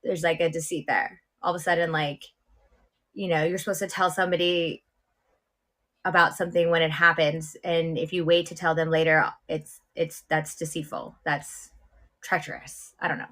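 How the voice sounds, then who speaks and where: A woman's voice: sits low, little pitch movement, normal speed, fairly bright tone. A woman co-hosting a casual talk show, speaking hesitantly with many fillers as she opens up about a personal hurt. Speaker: co-host. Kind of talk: casual chat.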